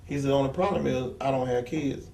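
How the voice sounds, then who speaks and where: A man's voice: mid-range voice, fast talker, gravelly, darkish tone. A man telling stories in a blunt, profane rant as an interview guest, acting out the people he quotes. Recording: echoey room, distant from mic.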